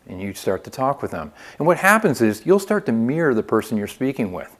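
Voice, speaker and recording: Guy running a phone sales training, super animated pitch, keeps asking okay?. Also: fairly quick, few pauses. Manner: upbeat coaching, lively inflection, frequent "okay?" check-ins. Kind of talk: training video lesson.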